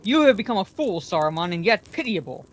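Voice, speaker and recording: A woman's voice: medium pitch, very animated, brisk. Stern old wizard, commanding, a bit weary, a lady reading him in her own voice.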